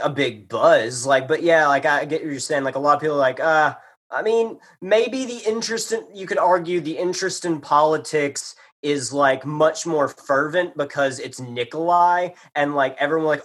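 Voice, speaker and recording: A man's voice: fairly high pitch, animated, moderate pace, fairly bright tone. A man co-hosting a casual book discussion podcast, rambling and full of filler words. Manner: rambling, many filler likes. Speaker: podcast co-host.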